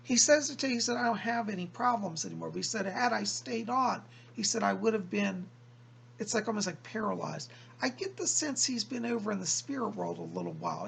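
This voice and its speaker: A male psychic medium passes a spirit's messages to a viewer in slow, drawn-out phrases, repeatedly saying "he said" as he quotes. His voice is high and a bit bright, with vocal fry and a little hiss or hum.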